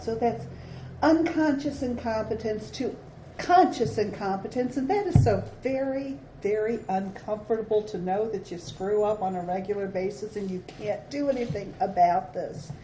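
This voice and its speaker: A woman's voice: mid-range voice, normal speed. A middle-aged woman giving a candid, self-deprecating recovery talk to a meeting. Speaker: AA speaker. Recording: roomy, dull hall recording with faint hiss.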